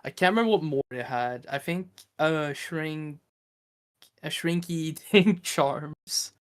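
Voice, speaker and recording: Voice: mid-range voice, slow pace, no echo, clean studio sound. A Swedish-accented livestream guest rambling through internet lore with laughs and casual swearing, the microphone cutting in and out. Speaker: streamer guest.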